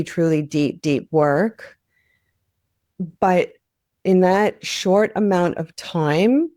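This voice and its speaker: A woman's voice: on the low side, mellow, no room sound, clean studio sound. A young adult woman sharing her experience as a podcast guest, earnest and candid, with frequent fillers and restarts.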